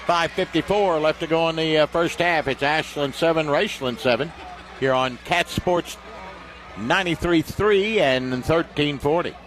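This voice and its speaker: Male play-by-play announcer, higher voice, excitable radio football caller. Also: moderate pace. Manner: excitable, shouts on big plays.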